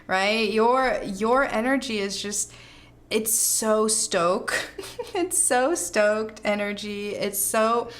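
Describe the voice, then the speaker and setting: A woman gives a pick-a-card tarot reading at an unhurried pace. She gushes and hypes the listener up in slangy, effusive talk, often breaking into laughter. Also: a little high. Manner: gushing, hyping, laughs often. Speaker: tarot reader.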